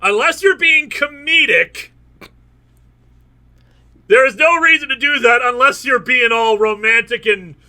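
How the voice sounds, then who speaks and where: A man's voice: very high voice, a little slow, pauses often, sharp tone. A man hosting a comedic reading of a novel, reading passages aloud in a mock-dramatic way and breaking off for jokey asides. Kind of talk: comedic book reading with commentary.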